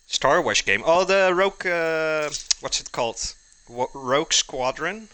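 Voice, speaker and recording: A man's voice: a little high, slow pace, sharp tone. A man hosting a live cooking stream, chatting casually with his viewers, joking, laughing often and answering their messages while he cooks in his kitchen. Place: home kitchen.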